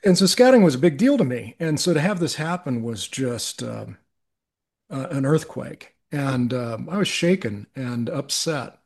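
A man's voice: mid-range voice, lively intonation, unhurried, gravelly, slightly rough. A middle-aged man, a podcast guest, telling a personal story in an earnest, reflective way, with frequent restarts.

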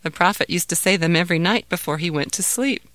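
A woman voicing a gentle, loving mother who soothes her son in a soft, patient way. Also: on the low side, fast, dry recording, close to an everyday voice. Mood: explaining.

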